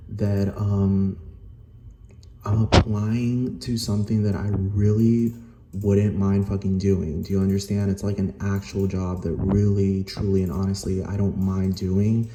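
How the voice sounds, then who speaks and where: A man's voice: deep voice, level tone, unhurried, mellow, slight background noise. A man from Rico, a Spanish speaker, ranting angrily and profanely to camera with lots of "like". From Puerto Rico. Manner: profane, heated, fillers of "like". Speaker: vlogger. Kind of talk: angry rant to camera. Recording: roomy echo.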